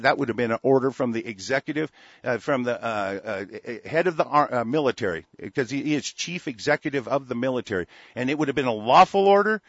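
A man's voice: medium pitch, a bit bright, no echo, lo-fi sound. A man in an angry, profane political rant, heated and repetitive.

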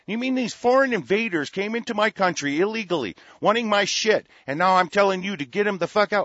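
Angry, profane talk radio host. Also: male voice, high voice, animated, fairly quick, hardly any pauses, no echo. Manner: angry, profane, swings between shouting and muttering. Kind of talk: ranting talk radio monologue. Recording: dull, dry lo-fi radio audio.

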